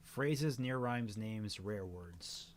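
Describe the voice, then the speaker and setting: A man's voice: on the low side, lively intonation, extremely slow, slight background noise. A man hosting a casual livestream, musing aloud and reading word lists off the screen. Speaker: stream host.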